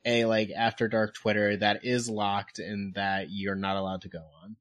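A man's voice: fairly low pitch, monotone, normal speed, a bit bright, dry recording. A man co-hosting a podcast, chatting casually with laid-back, wry remarks. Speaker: podcast co-host. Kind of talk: casual chat.

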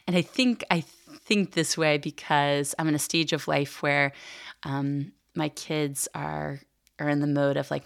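A woman's voice: sits low, steady tone, a little slow, vocal fry. A woman in her thirties hosting a faith podcast, chatting casually and reading passages aloud. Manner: chatty, conversational, many fillers. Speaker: podcast host teaching the Catechism.

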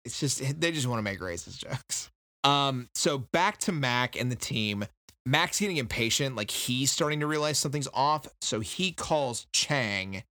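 Bright-voiced man recapping a book casually. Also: medium pitch, lively intonation. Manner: loose, joking, quotes characters in quick impressions. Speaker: podcast co-host recapping a book. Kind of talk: casual chat.

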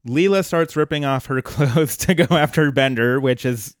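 Man, podcast host, smooth resonant voice, dry close sound, casual recap. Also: mid-range voice, normal speed, no room sound. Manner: relaxed storytelling, retells scenes at length.

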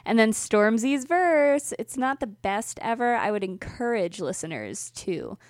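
A woman's voice: fairly high pitch, very animated, a little slow, no room sound, clean studio sound. Chatty young woman gushing over music. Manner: chatty, gushing, frequent ums and laughs. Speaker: music podcast co-host. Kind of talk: casual music review chat.

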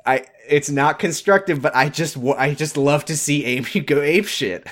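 A man's voice: a little high, moderate pace, a bit bright. A man co-hosting a podcast, recapping in a casual, rambling, sarcastic way. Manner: rambling, sarcastic, full of fillers. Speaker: podcast co-host.

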